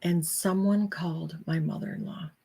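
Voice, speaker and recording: A woman's voice: lowish voice, steady tone, moderate pace, gravelly, warm tone, slightly rough. A tired middle-aged woman hosting a late live stream about her self-help book, rambling and apologetic as she yawns. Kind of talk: casual live-stream talk.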